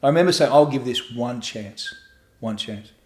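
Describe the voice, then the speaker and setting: Profane, animated middle-aged man, echoey room. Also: mid-range voice, moderate pace. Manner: profane, animated storytelling with acted-out quotes. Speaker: podcast guest. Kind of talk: candid storytelling interview. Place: room in his home.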